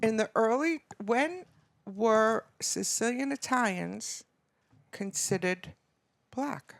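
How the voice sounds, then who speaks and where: Gravelly, lively female guest, animated storyteller, dry recording. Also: a little high, takes it slowly, no echo. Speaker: podcast guest. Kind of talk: casual chat.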